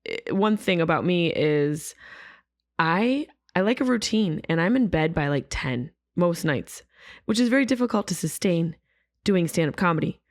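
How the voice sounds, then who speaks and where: A woman hosting a podcast, her voice worn and hoarse, chatting in a rambling, self-deprecating way. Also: on the low side, expressive, normal speed, no room sound, clean studio sound. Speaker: podcast host. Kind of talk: casual podcast intro.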